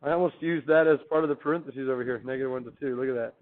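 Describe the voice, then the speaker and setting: A medium-pitched man races through a math lecture, recorded with a tinny, phone-like quality. Cheerful and talkative, he quizzes the class and then answers his own questions.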